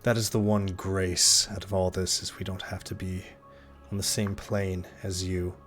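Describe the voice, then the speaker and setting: A game master voicing a bitter, angry father who scorns his son in a low, hushed way. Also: level tone, normal speed, faint music behind. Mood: scornful.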